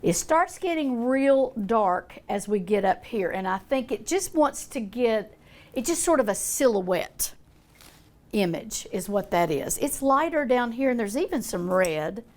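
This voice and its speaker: A woman's voice: on the high side, expressive, measured pace, a little mellow. An older woman demonstrating a painting, talking in a chatty, folksy way as she thinks aloud. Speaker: art teacher.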